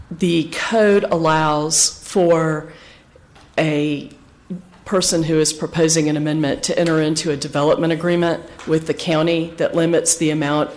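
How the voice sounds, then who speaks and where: Hoarse woman, applicant's rep at a hearing, businesslike and precise. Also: low-pitched, darkish tone. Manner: precise and businesslike, explains procedure step by step. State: hoarse, losing her voice. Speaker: representative for an applicant at a public hearing. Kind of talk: formal testimony at a planning meeting.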